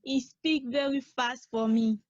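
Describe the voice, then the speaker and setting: High-voiced woman in halting learner English. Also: steady tone, no room sound, highs cut off. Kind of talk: student answering in a lesson.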